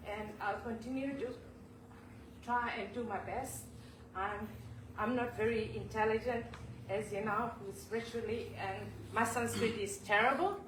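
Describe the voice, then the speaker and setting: Woman, emotional homage, halting and apologetic, distant mic, echoey temple hall. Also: on the high side, steady tone. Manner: halting, apologetic, moved to tears. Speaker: devotee giving a homage. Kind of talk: emotional spoken tribute. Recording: echoey hall, voice from far off, clear background noise.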